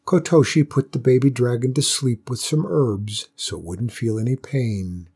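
A man reads a folktale aloud at a measured, gentle pace. His voice is dark and mellow, with a husky grain running through it. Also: mid-range voice. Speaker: narrator. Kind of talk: storybook reading.

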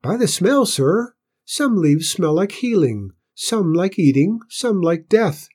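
A small, eager stable boy with a clear, squeaky little voice, pitched far above the reader's own, as a man puts him on in a storybook reading. He answers politely and earnestly, with a soft, slightly husky edge. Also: sing-song, takes it slowly, exaggerated voice.

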